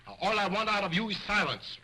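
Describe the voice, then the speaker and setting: A man's voice: high-pitched, sing-song, fast talker, bright, forceful tone, a little hiss or hum, heavily acted, rough recording. An actor playing a stern, domineering stage ventriloquist who scolds his dummy, in early talkie style. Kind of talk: 1920s early talkie acting. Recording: old film soundtrack.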